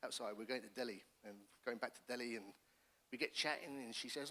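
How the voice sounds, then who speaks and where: Bright-voiced pastor in a reverberant hall. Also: male voice, mid-range voice, a little fast. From England. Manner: animated storytelling, acting out quoted voices, frequent restarts. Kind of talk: personal testimony sermon. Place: church hall.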